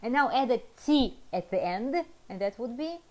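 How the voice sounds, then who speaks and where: Encouraging woman teacher, a bit high. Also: lively intonation, a little mellow. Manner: patient, encouraging, drills phrases slowly. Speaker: language teacher. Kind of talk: online class teaching.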